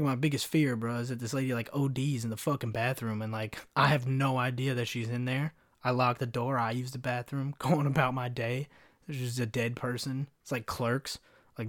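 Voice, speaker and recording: Man, podcast host, casual storytelling, profane, rambling, animated, dry sound. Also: mid-range voice, dry recording.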